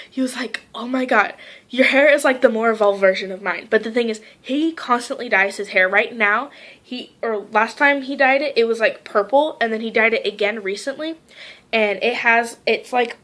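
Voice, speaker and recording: A teenage girl vlogging casually, rambling through a story with lots of "like" and quoting people in lively voices. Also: a little high, moderate pace. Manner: heavy use of "like".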